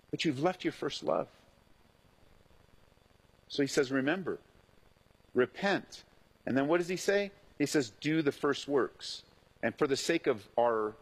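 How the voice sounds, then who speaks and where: A husky middle-aged man preaches with a lively, up-and-down delivery. He sits a little high in his register and slips into the voices of the people he quotes as he goes. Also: poor audio. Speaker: pastor. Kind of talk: sermon.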